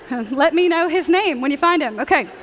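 A woman pastor preaching a sermon in a relaxed, conversational way, joking with her congregation. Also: sits high, moderate pace, in a large hall, a faint crowd.

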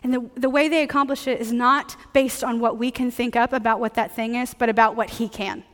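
A woman pastor preaching a sermon in a relaxed, conversational way, joking with her congregation. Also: a little high, brisk, long reverb tail.

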